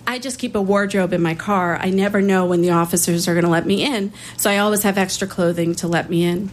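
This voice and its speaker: A woman voicing a kindly older woman visitor who speaks in a gentle, reassuring way. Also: lowish voice, steady tone, fast, close to an everyday voice.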